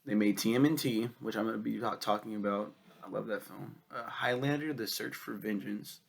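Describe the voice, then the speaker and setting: A young man with a cold and a cough, casually reviewing a film, swearing a lot and rambling excitedly. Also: lowish voice, fairly quick, gravelly, husky. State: sick with a cough.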